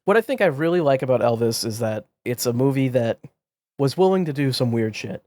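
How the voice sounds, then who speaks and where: A man's voice: medium pitch, lively intonation, fairly quick, a little mellow, no room sound. A young man co-hosting a casual podcast, giving blunt, profane opinions. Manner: blunt, swears freely. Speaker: podcast co-host. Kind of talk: casual chat.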